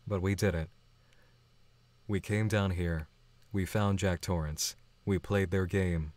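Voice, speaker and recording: A man's voice: low-pitched, a little mellow. A man hosting a live stream who reads viewer chats aloud and answers in a chatty, affectionate way, laughing often. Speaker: channel host.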